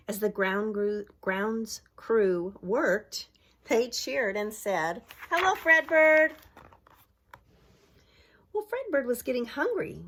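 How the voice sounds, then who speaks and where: With a mid-range, slightly breathy voice, a middle-aged woman who runs a preschool leads a story-time read-aloud of a picture book. She asks the children questions and points at pictures as she shows the pages, hamming up the cheering lines in a bright voice.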